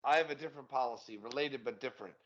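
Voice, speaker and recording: A man hosting a casual podcast, trading travel stories in a loose, profane way. His voice sits at a middling pitch. The recording sounds a little dull and lo-fi. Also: very fast, fairly bright tone. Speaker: podcast host.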